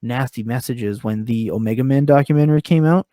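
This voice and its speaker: Male wrestler, podcast guest, blunt ranting talk, mid pitch, dry mic. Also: a little fast, warm tone, no echo. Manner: candid, swears freely, rants with rising pitch. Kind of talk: casual podcast interview. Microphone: remote call mic.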